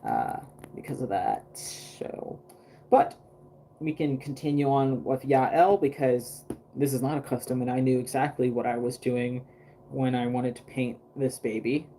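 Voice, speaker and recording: A man talks through his craft work on a casual livestream, rambling along with plenty of ums and restarts. His voice is mellow and warm, never bright. His pitch sits in a middle range. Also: lively intonation, a little slow, a little hiss or hum. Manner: rambling, chatty, many fillers and restarts. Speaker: doll artist painting on a livestream. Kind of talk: casual livestream chat while working.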